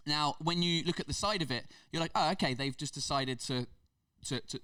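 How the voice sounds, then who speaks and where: A man with an English accent, a comedian guest telling stories in a casual podcast chat, animated and full of restarts. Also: a little high, brisk, clean tone, no room sound, far from the mic. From England. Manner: animated storytelling with many restarts.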